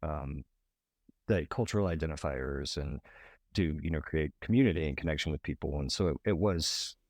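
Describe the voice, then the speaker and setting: A man from Alabama with a very deep voice talks as a documentary director on a podcast. He answers haltingly, restarting often, and his pitch jumps up when he gets going. The sound is close and dry. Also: no room sound. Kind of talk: casual interview answers.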